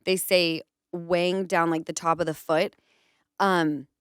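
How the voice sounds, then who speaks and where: A woman in her thirties hosts a casual podcast, telling a story and putting on other people's voices as she goes. Her voice is smooth and clear, at a middle pitch, and it sits close in a dry room. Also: takes it slowly, dry recording. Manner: animated storytelling, acts out quotes. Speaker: podcast host.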